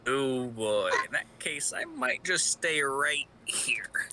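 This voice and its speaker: A man voicing a brooding, defiant young male vigilante sidekick in a live fan audio drama read, sullen and low, flaring into angry shouts. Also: moderate pace, slight background noise.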